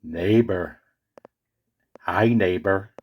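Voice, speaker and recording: A man's voice: sits low, very slow, a little mellow, slightly rough, full character voice. A man voicing a fussy, pedantic male character who keeps correcting others in a comedy skit. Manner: correcting, know-it-all.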